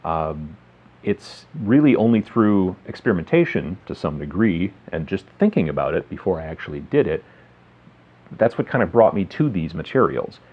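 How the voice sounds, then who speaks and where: A man's voice: sits low, sing-song, moderate pace, breathy edge. A man hosting a casual tabletop hobby tutorial, explaining in a rambling, friendly way full of fillers. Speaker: miniature hobby video host. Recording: slightly dull lo-fi sound.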